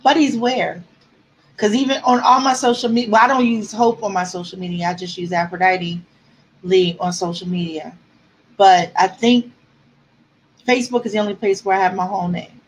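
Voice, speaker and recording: A woman's voice: medium pitch, a little hiss or hum, low-quality recording. A woman author chatting with her viewers on a livestream, answering comments and close to tears at times. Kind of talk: casual livestream chat.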